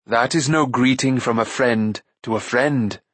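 A man voicing a calm, noble warrior prince who speaks in a measured, dignified way in an audiobook. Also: mid-range voice, husky, no room sound. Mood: grave.

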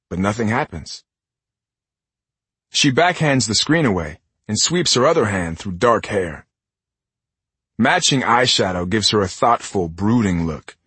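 A man narrating a first-person audiobook in an expressive way, giving each character a voice. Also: lowish voice, slightly rough, no echo.

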